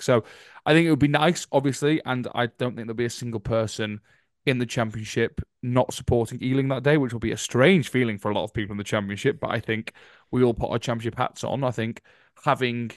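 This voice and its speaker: Fast-talking man, dry podcast voice. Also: medium pitch, dry recording. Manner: eager, talks in long, quick runs of thought. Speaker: regular podcast co-host and pundit. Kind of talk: casual podcast chat.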